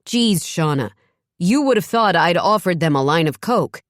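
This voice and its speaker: Woman voicing a blunt father, gruff, defensive, low voice, dry recording. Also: animated, moderate pace, no echo, lightly acted.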